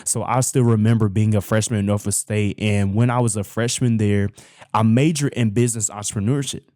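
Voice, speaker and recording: A young man hosts his own show and tells personal stories in a loose, chatty way, often calling his listeners "y'all". His voice sits low and the recording is dry and close. He talks like he's sitting across from a friend. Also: steady tone, fairly quick, warm tone, no room sound. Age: young adult. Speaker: host. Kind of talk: casual personal storytelling.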